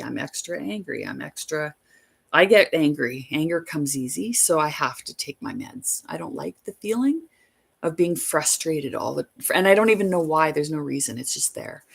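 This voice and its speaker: A woman's voice: low voice, gravelly, slightly rough. A woman hosting a livestream, telling a long story in a rambling, emphatic way. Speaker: livestream host.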